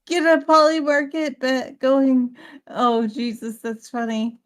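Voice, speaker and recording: A woman's voice: high voice, slow. Playful, teasing woman guest. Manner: playful, teasing, laughs often. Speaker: guest debater. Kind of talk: casual stream chat.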